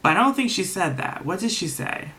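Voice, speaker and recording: A man casually recapping a reality TV episode, animated and profane, acting out the cast's lines as he retells each scene. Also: sits high, brisk.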